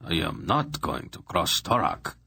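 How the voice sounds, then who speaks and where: A man voicing an excitable, plaintive male king in an audiobook, protesting and quick to shout. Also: sits low, vocal fry, husky, no echo, studio quality, heavily acted. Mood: agitated.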